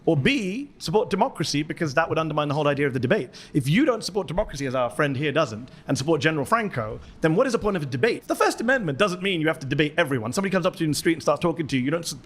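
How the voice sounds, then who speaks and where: A man, debating in a heated exchange with sharp, sarcastic rebuttals. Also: a little high, animated, racing, few pauses. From United Kingdom. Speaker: debate guest.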